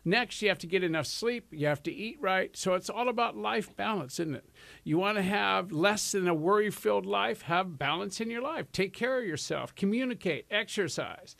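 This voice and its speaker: Gravelly chatty male talk show host. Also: sits high, expressive, normal speed, fairly bright tone. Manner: chatty, rambling, laughs often. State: out of breath. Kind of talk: casual self-help talk show.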